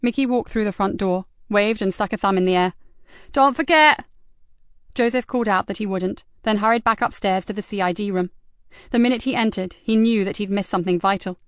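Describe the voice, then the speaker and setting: Smooth-voiced woman narrating a crime audiobook. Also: mid-range voice, fairly even intonation, fast talker, no echo, studio quality. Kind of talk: scripted narration.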